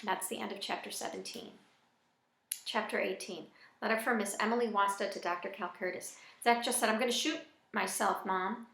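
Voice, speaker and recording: A woman reading a first-person novel aloud in a plain, even storytelling manner. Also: mid-range voice, fairly quick. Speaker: audiobook reader. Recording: echoey room.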